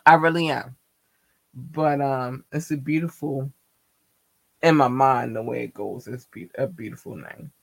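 Animated man with a Baltimore accent. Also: mid-range voice, a little slow, vocal fry, no echo. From Baltimore, Maryland. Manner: animated, emphatic shout-outs and venting. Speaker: streamer reading out viewer locations. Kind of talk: casual livestream chat.

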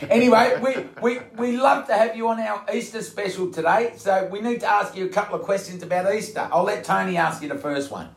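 A man's voice: high-pitched, a little fast, creaky, few pauses, reverberant. A man co-hosting a podcast, asking questions in a blokey, enthusiastic way. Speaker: podcast co-host. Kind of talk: casual chat.

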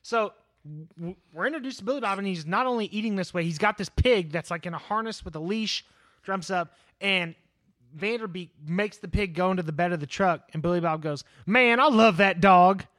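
Guy with a high voice rambling on a podcast, dry close sound. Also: fairly quick, a bit bright, no echo. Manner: rambling, hedges with fillers. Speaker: podcast co-host. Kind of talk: casual chat.

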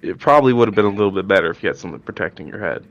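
A man's voice: low voice, animated, very fast, lo-fi sound. A young man playing a tabletop game in a laid-back, dry way. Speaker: player.

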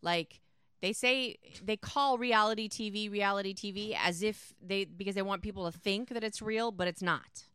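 A woman's voice: medium pitch, moderate pace, fairly bright tone, smooth, no room sound, clean studio sound. A woman co-hosting a sports podcast in casual chat, chatty and ready to argue her point. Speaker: podcast co-host.

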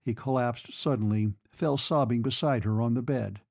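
A man narrating a classic novel in a steady, measured reading. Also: mid-range voice, vocal fry, no echo. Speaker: audiobook narrator. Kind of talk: scripted narration.

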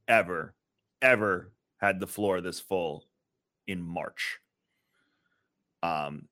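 A man co-hosting a podcast in a relaxed, rambling way, with plenty of ums. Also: low-pitched. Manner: relaxed, rambling, lots of fillers. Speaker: podcast co-host and convention organizer. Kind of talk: casual chat.

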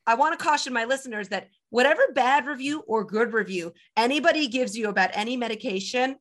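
A woman hosting a podcast, chatty and high energy, who laughs often in casual conversation. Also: quick pace, fairly bright tone. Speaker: podcast host.

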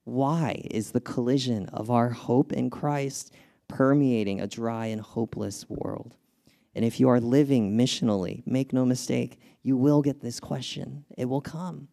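A man's voice: medium pitch, measured pace, creaky. A young adult man from California preaching a sermon as a pastor, mixing casual storytelling with scripture reading and laughing now and then. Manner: animated, laughs at his own stories.

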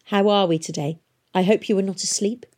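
A woman's voice: low voice, normal speed, vocal fry, mellow. A woman voicing a scheming male lord mayor who sounds cheerful but carries cold menace, in an audiobook. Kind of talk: audiobook character voice.

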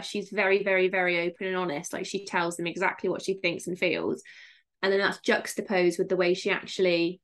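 A young woman from Somerset with a West Country English accent, chatting casually as a guest author, self-mocking and quick to joke. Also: medium pitch. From Somerset, England. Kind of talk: casual interview chat.

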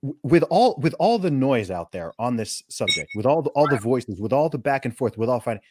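A man hosting a podcast, talking in a casual, animated way and often repeating words as he starts a thought. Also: mid-range voice, fairly quick, slightly rough, dry recording. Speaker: podcast host. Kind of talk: casual conversational interview.

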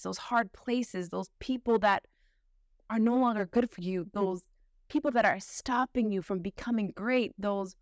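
A woman's voice: mid-range voice, no room sound, clean studio sound. A young adult woman hosting a motivational podcast. She talks in a sisterly, slangy, emphatic way to encourage her listeners. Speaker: podcast host.

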